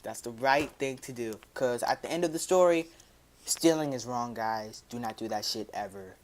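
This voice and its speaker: A man telling a personal story to his viewers in a casual, slangy, rambling way, dropping his voice low for quoted asides. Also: moderate pace, a little hiss or hum.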